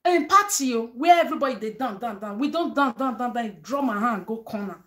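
A woman vlogger with a Nigerian accent gives her viewers advice in a slightly high, bright, forceful voice that's animated and a little fast. Mixing Pidgin with English, she's emphatic and preachy, and she keeps asking "eh?" to get them to agree.

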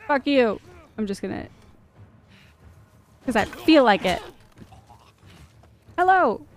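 A woman's voice: fairly high pitch, very animated, slow, long pauses, soft background music. A woman streaming a game, reacting with jumpy screams, swearing and laughter. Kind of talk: live gameplay reactions.

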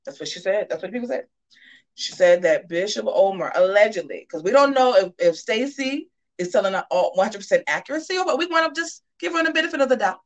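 A woman hosts a live gossip show in a sassy, animated way. She speaks at a middle pitch, but her voice swings widely up and down. She often breaks off to address her viewers directly in drawn-out asides. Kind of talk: casual live commentary.

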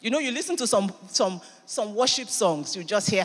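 A woman pastor preaching a sermon in church, animated and emphatic, with sudden bursts of loudness. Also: mid-range voice, normal speed, slightly rough, long reverb tail. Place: church hall.

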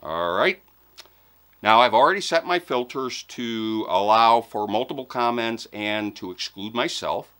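A man's voice: mid-range voice, lively intonation, unhurried, fairly bright tone, smooth. Upbeat man hosting a giveaway vlog. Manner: playful, enthusiastic, jokey. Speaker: host of a fishing channel giveaway. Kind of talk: upbeat casual vlog address to viewers.

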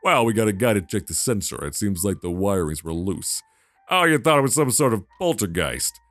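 A man voicing a deadpan male store manager in a video game, speaking in a lowered, matter-of-fact voice. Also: brisk, no echo, soft background music.

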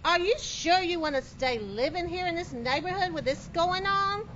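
A woman's voice: very high voice, lively intonation, normal speed, a bit bright. A woman playing a gossipy pastor's wife. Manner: gossipy and prim. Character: nosy prejudiced pastor's wife. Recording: dull film audio with faint noise.

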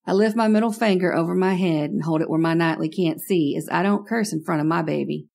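A woman's voice: fairly low pitch, a little fast, creaky, darkish tone. A woman narrating a first-person horror story in a wry, conversational way.

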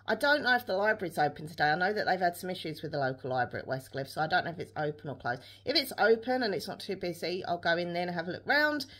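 A woman's voice: on the low side, animated, quick pace, hardly any pauses, a bit bright. A young woman, chatting casually to camera in a rambling day-in-the-life vlog, full of fillers and restarts. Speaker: vlogger.

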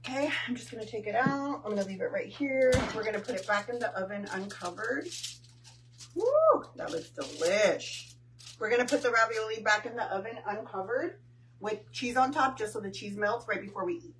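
A woman's voice: a little high, fast, a bit bright, a little hiss or hum, low-quality recording. Chatty woman cooking at home. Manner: chatty, joking, sprinkles in Spanish words. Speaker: home cook streaming a cooking video. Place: home kitchen.

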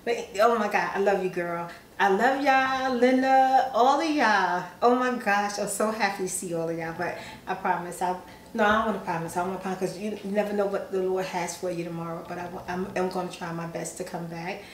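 Speaking fairly quickly in a mid-range voice, a sleepy-sounding ASMR vlogger reads out fan messages with chatty, self-teasing banter and lots of giggles. The low-quality recording is reverberant and carries a bit of hiss or hum.

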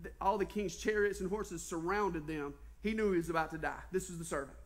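A man's voice: high voice, a little fast. A male pastor with a Southern US accent, preaching a sermon, telling stories with animation and constantly asking the congregation questions. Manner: animated storytelling, quizzing the congregation.

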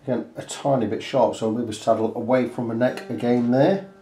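A man explains a guitar setup in a relaxed, practical way, thinking out loud as he goes and dropping in "um"s and "uh"s. His voice sits at an ordinary middle pitch. The sound carries a noticeable room echo from the workshop around him. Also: fairly quick. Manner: casual, practical, talks through each step with fillers. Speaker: guitar repair technician. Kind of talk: workshop tutorial talk.

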